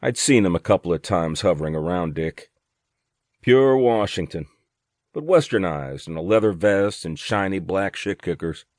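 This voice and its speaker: A man's voice: deep voice, lively intonation, moderate pace, a little mellow, no room sound. A man narrating first-person fiction as an audiobook, in a dry, wry storytelling manner.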